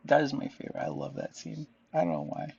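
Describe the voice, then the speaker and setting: Gravelly guy rambling to himself while sketching, a bit muffled, faint hum behind. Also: on the high side, very animated, fast, darkish tone. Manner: rambling, musing, often talks to himself. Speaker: artist vlogger. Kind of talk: casual drawing chat.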